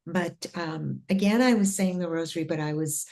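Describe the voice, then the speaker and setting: Middle-aged woman guest, low-pitched, earnest and rambling with fillers. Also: normal speed, creaky, darkish tone. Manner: earnest, many fillers and restarts. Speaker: guest telling spiritual experiences. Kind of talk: casual interview storytelling.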